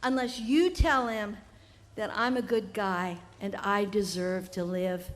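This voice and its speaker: A woman's voice: medium pitch, fairly even intonation, slow, pitched below the performer's own voice, close to an everyday voice. A woman playing an ordinary man who pleads anxiously for his life. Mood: pleading. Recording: live festival tent with long reverb.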